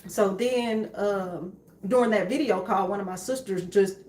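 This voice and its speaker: A young woman telling her story to her husband in a calm, matter-of-fact way, with many fillers. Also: medium pitch, a little slow, reverberant. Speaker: co-host, wife. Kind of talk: candid conversation with her husband.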